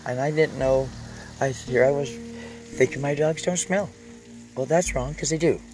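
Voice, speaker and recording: Man, mid-pitch, casual vlog monologue; rambling, emotional delivery, sentences drift off. Faint music underneath. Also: normal speed, low-quality recording. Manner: rambling, raw and heartfelt, trailing off mid-thought. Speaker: vlogger. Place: inside a vehicle he lives in.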